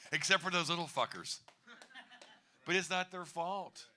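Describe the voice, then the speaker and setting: A man's voice: on the high side, normal speed, bright, forceful tone. A man in his fifties doing a stand-up comedy set on a bar stage, wry and rambling, chuckling at his own jokes.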